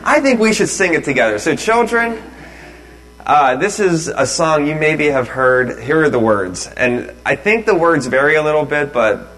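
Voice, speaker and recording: A man speaking as a pastor, thanking people and leading a sermon in a relaxed, halting way with many pauses and fillers. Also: fairly high pitch, low-quality recording.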